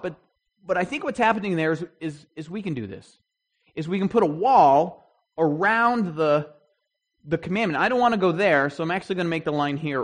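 Casual male Bible study leader with a slightly higher voice who quizzes the group and often restarts his sentences. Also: a bit bright. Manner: conversational, poses questions to the group, frequent restarts. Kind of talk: interactive Bible study teaching.

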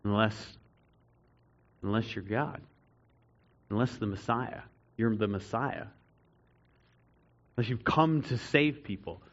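A man preaching a sermon to a congregation, earnest, swinging between loud emphatic stretches and quiet reflective ones. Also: on the low side, slow pace, pauses often, highs cut off. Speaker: pastor.

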